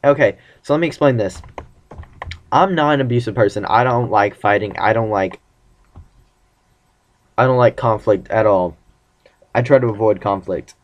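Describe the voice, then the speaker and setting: A man's voice: lowish voice, normal speed, long pauses. A young man casually telling rambling, self-mocking stories about his dating life in a vlog. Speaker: vlogger.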